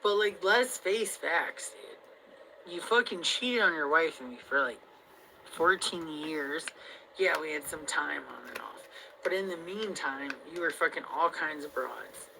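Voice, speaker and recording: A woman vlogger venting to her viewers in a rambling, heavily profane monologue that swings between loud outbursts and low mutters. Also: expressive, moderate pace, vocal fry, background noise.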